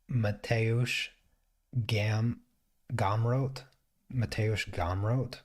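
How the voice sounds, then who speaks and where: A man with a low, deep voice chats easygoing and unhurried while he paints, thinking aloud and restarting his sentences as he goes. It sounds like a relaxed art stream host talking to his viewers. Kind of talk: casual chat while painting.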